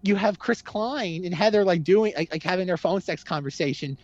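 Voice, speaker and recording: A man co-hosting a podcast about movies, rambling casually with lots of "like" and lively quoted impressions. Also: high voice, normal speed, no room sound, muffled recording. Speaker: podcast co-host. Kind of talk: casual film discussion.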